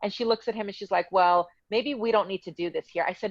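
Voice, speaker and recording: A woman's voice: mid-range voice, fast, dry recording, highs cut off. A woman telling her own story in a casual interview, heated and indignant as she recounts dialogue.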